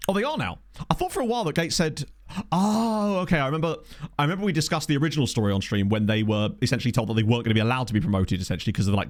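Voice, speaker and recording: Streamer, man, lively up-and-down delivery, chatty play-by-play as he plays. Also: mid-range voice. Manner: excitable, chatty, thinks aloud. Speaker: video game streamer. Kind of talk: live gameplay commentary.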